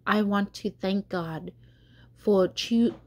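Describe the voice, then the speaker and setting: A woman voicing a remorseful, proud male tree in a storybook reading, with high, strained cries. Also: slow pace, a little mellow. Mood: sorrowful.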